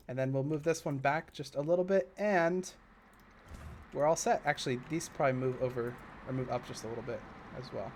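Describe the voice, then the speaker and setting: A man streaming a park-building game live, chatting casually and rambling into side stories while he builds, with sudden excitable bursts. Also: on the high side.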